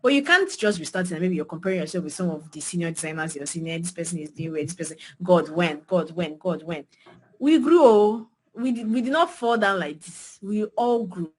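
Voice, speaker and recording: A young Nigerian woman with a Nigerian accent gives a passionate motivational talk to beginner designers, emphatic and repeating phrases, her pitch and loudness swinging widely. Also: lively intonation, a little fast, husky. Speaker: design mentor speaking to beginners.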